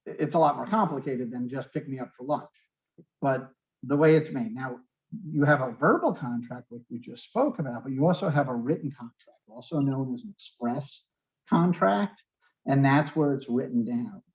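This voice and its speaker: A man's voice: mid-range voice, moderate pace, muffled recording. A man with a New York accent teaching a real estate class and explaining terms with everyday examples, often checking in with "okay". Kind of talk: online class lecture.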